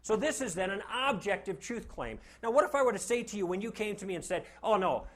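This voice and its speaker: Animated, high-voiced male lecturer. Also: quick pace. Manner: animated, joking, asks the class rhetorical questions. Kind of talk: classroom lecture. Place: classroom with a live audience.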